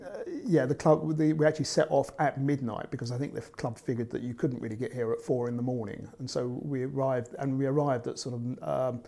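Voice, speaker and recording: A man's voice: mid-range voice, creaky, dark tone. A man, a football fan, telling an away-trip story in a hesitant way, with many fillers and restarts. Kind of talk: casual storytelling.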